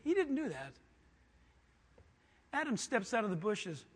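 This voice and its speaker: A man preaching a sermon, acting out quoted voices and swinging from hushed, intimate lines to loud shouts. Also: sits high, big pitch swings, unhurried, long pauses, husky. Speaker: pastor. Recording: long hall reverb.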